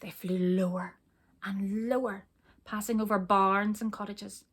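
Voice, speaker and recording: A woman reading a children's storybook aloud, expressive, pausing to ask her listeners questions. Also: mid-range voice, breathy edge.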